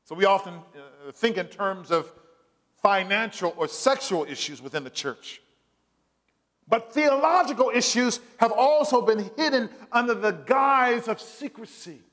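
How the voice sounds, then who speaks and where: Speaking a little slowly in a high-sitting voice, a pastor delivers a sermon with a long reverb tail trailing behind. He animates his stories with quoted voices and calls out "Amen?" for the congregation to answer.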